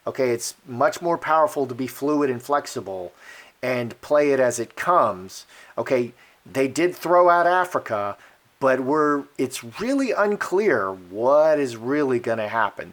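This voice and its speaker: A man's voice: medium pitch, expressive, measured pace, fairly bright tone. Chatty man reading cards aloud. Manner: chatty, repetitive, thinking aloud. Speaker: card reader. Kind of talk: casual card-reading commentary.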